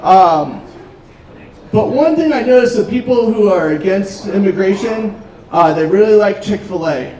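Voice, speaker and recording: A man doing a stand-up set, telling dark jokes in a deadpan way with frequent ums, on a restaurant comedy stage. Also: high-pitched, measured pace. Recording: roomy club, distant mic, crowd noise. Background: audience laughter.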